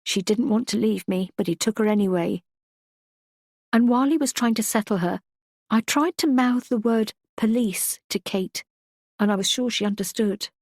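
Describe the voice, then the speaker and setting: A woman narrating a first-person audiobook in a measured, reflective way. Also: mid-range voice, a little mellow, no room sound, studio quality.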